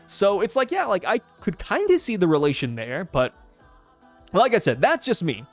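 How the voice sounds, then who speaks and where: A man casually reviewing a comic chapter, chatty and excitable, with many fillers and acted-out quotes. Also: high-pitched, normal speed, faint music behind. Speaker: manga reviewer. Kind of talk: casual commentary.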